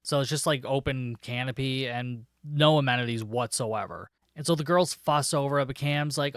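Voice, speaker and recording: A man's voice: medium pitch, normal speed, hardly any pauses, a bit bright, no echo, clean studio sound. A man hosting a podcast, recapping a film plot in a chatty, sarcastic way with profane asides. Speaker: podcast host reviewing a film. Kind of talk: casual spoken film recap.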